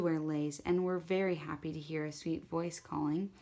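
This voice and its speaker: A woman telling a children's story aloud, animated, with small slips and restarts. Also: low-pitched, normal speed. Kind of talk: storytelling to an audience.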